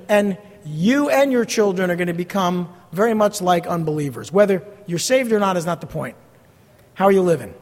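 A middle-aged man preaching a sermon as pastor, earnest, blunt and emphatic as he teaches from scripture. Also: sits high. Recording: long hall reverb.

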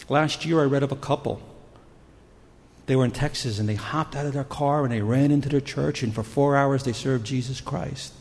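A man's voice: medium pitch, vocal fry, darkish tone. A man preaching a sermon in an earnest storytelling manner. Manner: earnest, storytelling, acts out panicked voices. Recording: long reverb of a hall.

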